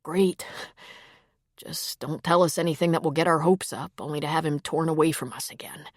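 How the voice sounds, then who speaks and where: A woman voicing a grieving young husband who stays gentle and protective, speaking in a soft, lowered, steady voice. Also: moderate pace, no room sound, clean studio sound, close to an everyday voice.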